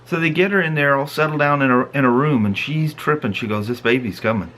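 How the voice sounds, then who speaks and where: A middle-aged man spins a family story in a relaxed, chatty way. He gets animated and acts out the big moments. A faint hum of noise sits behind him. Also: a little high, quick pace. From Pacific Northwest of the US. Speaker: vlog host. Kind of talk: casual storytelling.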